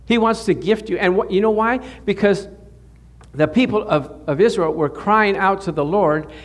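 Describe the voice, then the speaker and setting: A man's voice: high-pitched, normal speed. A man preaching a sermon, telling Bible stories and his own experiences, laughing often and repeating words as he goes. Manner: storytelling, animated, rises sharply when quoting prayers. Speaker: pastor.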